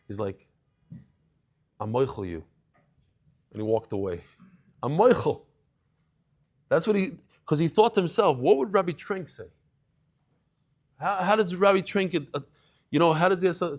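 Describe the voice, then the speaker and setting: A man giving a daily Talmud class, telling stories with lively acted-out quotes and sprinkling in Hebrew and Yiddish terms. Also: medium pitch. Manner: animated storyteller, acts out quoted voices. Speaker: daf yomi lecturer.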